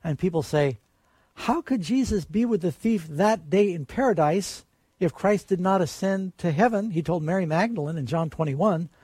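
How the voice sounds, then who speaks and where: A male preacher delivers a sermon with a husky, somewhat high voice. He speaks earnestly and lifts his voice when he quotes a promise. The sound is dry and close. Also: darkish tone, no echo.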